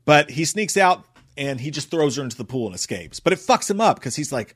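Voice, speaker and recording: A man's voice: mid-range voice, lively intonation, a little fast. A man casually recapping a movie in a rambling, profane, enthusiastic way. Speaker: movie reviewer.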